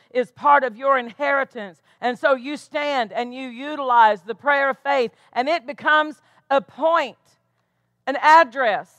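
A woman's voice: sits high, a bit bright, no room sound. A woman pastor preaching a sermon with emphatic delivery, tossing questions back to the congregation. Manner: emphatic preaching with call-and-response asides.

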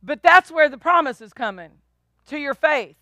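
A woman's voice: high-pitched, lively intonation, normal speed, pushed and bright, no echo. A woman pastor preaching a sermon, emphatic and repetitive, drawing responses from the congregation.

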